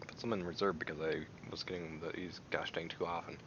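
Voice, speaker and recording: A man rambling and exclaiming in a casual, animated way as he chats on camera. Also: low-pitched, fairly quick, muffled recording, noisy background. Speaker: video creator. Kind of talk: casual chat while taste-testing.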